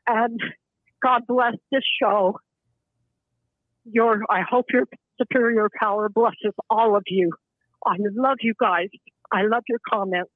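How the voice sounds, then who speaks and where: A woman in her seventies calling in to a show, speaking in a halting, impassioned way with bursts of anger. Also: on the high side, steady tone, no room sound. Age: 70s. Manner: halting, impassioned, angry outbursts. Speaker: caller. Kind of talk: emotional call-in testimony. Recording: tinny phone line.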